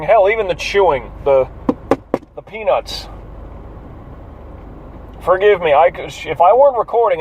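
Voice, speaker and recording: A man's voice: fairly high pitch, darkish tone, dull audio. A tired man rambling to himself while driving, cursing at traffic in a casual, profane monologue from inside his car. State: yawning and tired. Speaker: vlogger.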